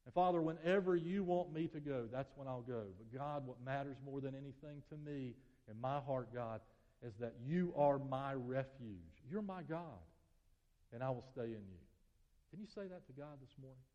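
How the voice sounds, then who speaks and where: A man's voice: mid-range voice, normal speed. Preaching man in a reverberant hall. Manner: builds to loud emphatic peaks, then drops soft and hushed. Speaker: pastor. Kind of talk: sermon with storytelling and prayer. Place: church sanctuary. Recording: dull sound, long hall reverb.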